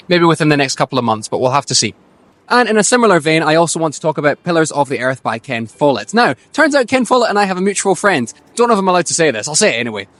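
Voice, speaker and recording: A young man hosting a book channel, chatting eagerly about his reading plans outdoors, loud into the mic with tinny audio. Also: a little high, dry recording. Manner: chatty, enthusiastic, quick-talking. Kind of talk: casual book talk to camera.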